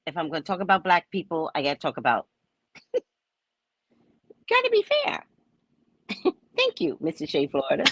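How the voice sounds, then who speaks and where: An American woman hosting a casual livestream, talking to her chat in an animated way and laughing often. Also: low voice, normal speed, long pauses, breathy edge. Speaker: livestream host.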